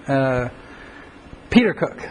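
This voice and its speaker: A man's voice: mid-range voice, very animated, takes it slowly, a little hiss or hum, poor audio. A male pastor giving a conversational Bible teaching, with frequent fillers and self-corrections.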